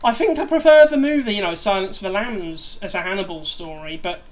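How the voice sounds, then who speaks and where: A man with a high-sitting voice and a brisk pace hosts a casual gaming livestream, chatting in a rambling, self-deprecating way.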